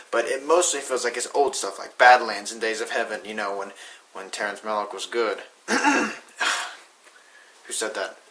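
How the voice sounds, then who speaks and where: A man's voice: medium pitch, bright, forceful tone. A young man giving a casual spoken movie review, chatty and often correcting himself mid-sentence. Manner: chatty, self-correcting, hesitant restarts.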